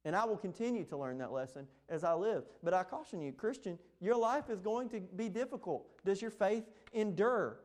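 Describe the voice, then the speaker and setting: A man's voice: high voice, animated, normal speed, few pauses, a little mellow. A man, preaching a sermon in an impassioned, emphatic way. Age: 20s. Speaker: pastor.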